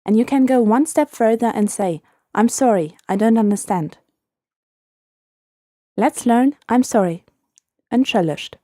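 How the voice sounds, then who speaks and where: A woman hosting a short scripted language lesson, speaking clearly and patiently and repeating phrases slowly for learners. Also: fairly high pitch, mellow, no echo, clean studio sound.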